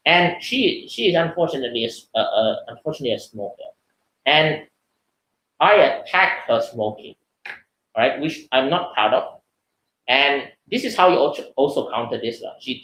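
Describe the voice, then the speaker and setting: A man with a Malaysian English accent giving a webinar lecture, lively and animated, acting out the voices of people he quotes. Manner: lively, acts out quoted voices in high pitch. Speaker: seminar speaker. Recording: echoey room.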